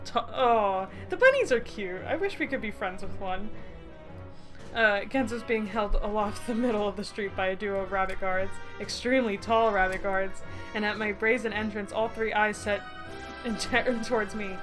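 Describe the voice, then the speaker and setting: A young woman streams a story game, reading its narration aloud and breaking off with sweary, laughing reactions. Her voice is bright and sharp at a middling pitch, and faint music sits underneath. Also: moderate pace. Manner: swears freely, bursts into laughter.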